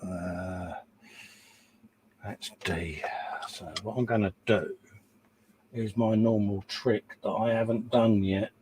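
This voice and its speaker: A man's voice: fairly low pitch, fairly even intonation, slow pace, pauses often, background noise. A man hosting a casual chat while building a model, teasing and bantering. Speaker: host.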